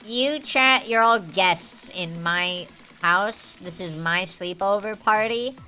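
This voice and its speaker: A woman's voice: mid-range voice, slow pace, bright, forceful tone, faint music behind. A young woman streamer chatting live to her viewers in a heated, profane, rambling way, full of fillers. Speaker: game streamer.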